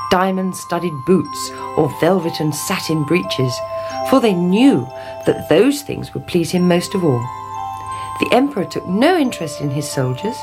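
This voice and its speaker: A woman reading a fairy tale aloud in a lively storytelling manner. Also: on the low side. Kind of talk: scripted storybook narration. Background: music.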